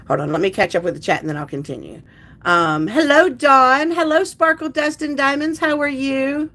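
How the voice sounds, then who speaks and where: A woman's voice: sits high, animated, normal speed, bright, forceful tone. Woman, livestream host, casual chat, rambling, restarts sentences, reads viewer comments.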